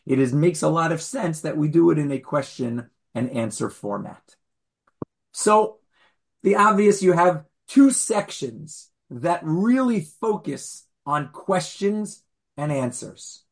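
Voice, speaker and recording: A man, a rabbi, teaching a class in an animated, conversational way with playful asides to his listeners. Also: on the high side, slow, creaky, slightly rough. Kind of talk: conversational lecture.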